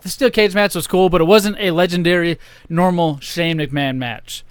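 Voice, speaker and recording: A young man hosting a casual podcast, running through wrestling results with jokes and quick asides. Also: sits high, steady tone, smooth, no echo. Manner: jokey, rapid recap of match results. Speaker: podcast host.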